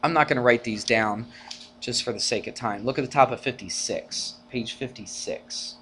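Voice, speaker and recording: A man's voice: medium pitch, normal speed, slight background noise. A man teaching a college algebra class in a casual, conversational way, often checking in with students through rhetorical questions and acting out arguments with rising energy. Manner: animated, acts out arguments in a rising voice. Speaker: math teacher. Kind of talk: classroom lecture.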